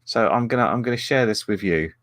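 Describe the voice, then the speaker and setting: A man co-hosting a casual podcast chat, jokey and animated when explaining. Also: fairly low pitch, fast, no echo. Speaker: podcast co-host.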